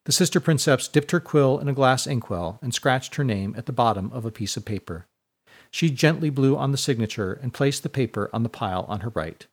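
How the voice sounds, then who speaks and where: A man reading a serialized story aloud in a measured, even storyteller's delivery. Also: mid-range voice. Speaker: narrator. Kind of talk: scripted storybook narration.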